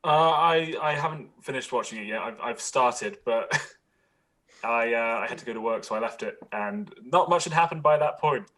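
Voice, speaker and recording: A man's voice: medium pitch, moderate pace, fairly bright tone. A man who is a guest on a podcast, stumbling a little over his words in casual chat.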